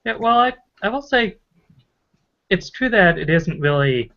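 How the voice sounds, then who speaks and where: A man on a podcast panel in a casual chat, hedging in a measured way and thinking aloud. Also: high voice, expressive, gravelly, sharp tone. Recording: dull lo-fi podcast audio.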